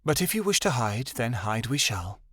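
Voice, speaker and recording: Man doing an aloof she-wolf, flat and matter-of-fact, fantasy audiobook. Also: mid-range voice, normal speed, husky, no echo, studio quality. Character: aloof, detached old female wolf.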